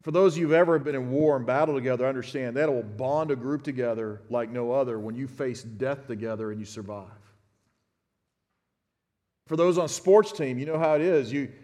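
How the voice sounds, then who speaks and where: A man's voice: mid-range voice, fairly quick, darkish tone. Man in his fifties preaching in a hall. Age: 50s. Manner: conversational teaching, addresses the congregation directly. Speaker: pastor. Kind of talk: sermon. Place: church sanctuary.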